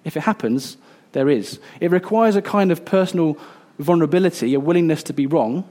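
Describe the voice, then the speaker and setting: A man in his thirties preaching a sermon, earnest and a little halting, with fillers and restarts. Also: a little high, dark tone. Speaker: pastor.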